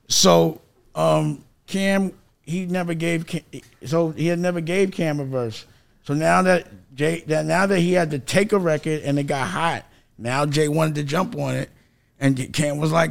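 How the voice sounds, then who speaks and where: High gravelly man arguing his side. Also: measured pace. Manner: emphatic, argumentative, frequently laughing while telling stories. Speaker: record label executive guest. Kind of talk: heated casual conversation.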